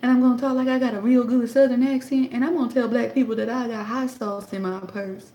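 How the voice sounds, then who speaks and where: A woman's voice: on the high side, fairly even intonation, warm tone, lo-fi sound, natural voice. A woman doing a sly pandering politician with a fake drawl. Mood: mocking. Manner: put-on Southern drawl, slow and sly. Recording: echoey room.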